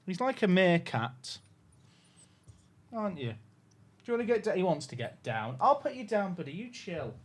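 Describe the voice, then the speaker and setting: A man's voice: high-pitched, very animated, normal speed, pauses often. A man on a headset mic, talking to his livestream chat while cooing to his dog in baby talk. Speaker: game streamer.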